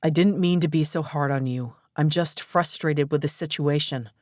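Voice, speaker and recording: A wry, level-headed young man, as a woman narrator puts him on, speaking in a lowered, dry, sarcastic way. Her voice sits low. The recording is close and free of echo, like a storybook reading. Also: normal speed, darkish tone, close to an everyday voice. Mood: calm.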